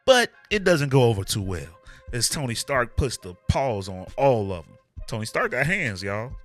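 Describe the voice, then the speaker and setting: Laid-back comic recap host, bright tone, slangy delivery. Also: male voice, on the low side, animated, moderate pace, soft background music. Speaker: comic book channel host. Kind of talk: casual comic recap narration.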